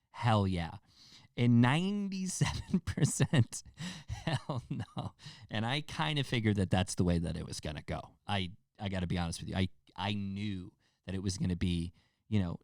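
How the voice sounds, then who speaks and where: A man hosting a casual solo podcast, talking in a rambling, loose way full of fillers and offhand swearing. His voice sits on the low side. The sound is dry and close, with no room echo. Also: darkish tone. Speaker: podcast host.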